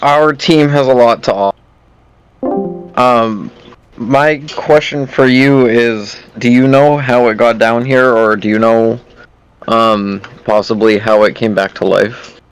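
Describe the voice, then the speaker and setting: A man playing a friendly, confident male adventurer in a tabletop game, calm and diplomatic. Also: mid-range voice, slow, clean tone, faint music behind.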